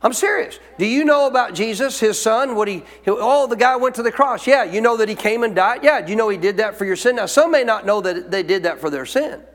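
A man with a high voice preaches emphatically, firing rhetorical questions at his congregation. His sermon rings out with a long reverb from a large church hall. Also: lively intonation, brisk, hardly any pauses, a bit bright. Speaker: pastor.

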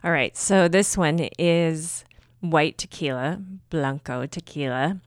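A woman's voice: low-pitched, takes it slowly, no room sound, studio quality. A woman co-hosting a casual podcast, easygoing and laughing along. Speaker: podcast co-host.

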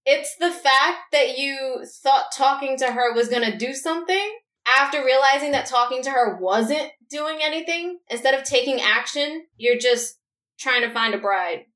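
Young woman, book-chat co-host; high, bright voice, laughs a lot, roomy echo. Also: normal speed. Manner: laughs often, quotes her own reactions.

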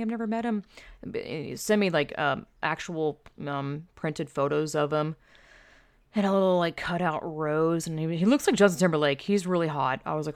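A woman's voice: deep voice, a little mellow, dry recording, studio quality. A woman telling stories in a loose, rambling monologue, full of fillers and casual swearing.

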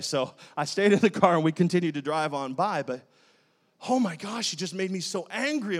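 A male pastor preaching and telling a story in an animated, dramatic way. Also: high voice. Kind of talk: sermon with personal storytelling.

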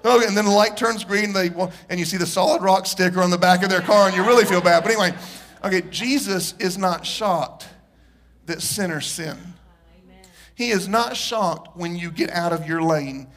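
A man's voice: high-pitched, moderate pace. A man preaching a sermon to his congregation, joking and telling stories as he goes. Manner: animated, joking storyteller with the congregation. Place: church.

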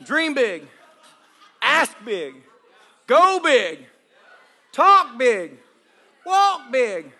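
A male pastor preaching a charismatic sermon at a live church service, shouting and joking with the congregation. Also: very high-pitched, sing-song, drawn-out words, pauses often. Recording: live church recording with crowd and noise.

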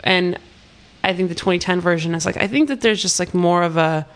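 A woman's voice: on the low side, a little fast. A woman in a casual film discussion, hedging her points with lots of fillers.

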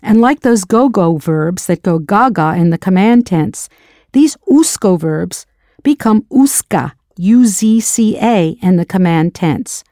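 A woman's voice: medium pitch, unhurried, hardly any pauses, dark tone, no echo, clean studio sound. A woman teaching a recorded language lesson, spelling words out letter by letter and asking the listener to answer. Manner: spells words letter by letter, then prompts the learner.

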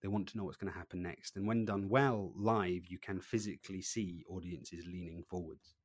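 A man giving an interview about his training work, lively, acting out little voices and swinging between loud and quiet. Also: low voice, moderate pace. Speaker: presentation trainer, guest. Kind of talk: animated podcast interview.

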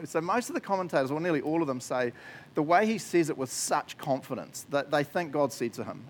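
A man's voice: mid-range voice, expressive, fairly quick. A man giving a casual, joking sermon, often laughing as he talks. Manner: chatty, jokey, laughs often. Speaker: preacher.

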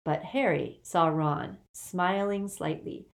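A woman reading a fantasy novel aloud in even, measured narration. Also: lowish voice, vocal fry. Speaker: audiobook reader. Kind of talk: storybook reading.

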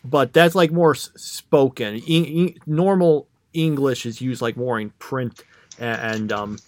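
A young man chats casually on a podcast, his medium-pitched voice wandering through thoughts. He rambles with frequent fillers and self-corrections, never quite landing his sentences. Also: measured pace, no echo. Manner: rambling, many fillers and restarts. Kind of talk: casual chat.

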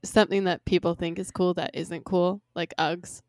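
An American woman co-hosting a casual podcast chat about song lyrics, talkative and quick to laugh, often acting out little quotes. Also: fairly low pitch, flat delivery, a little mellow, no room sound, studio quality. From United States. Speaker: podcast co-host.

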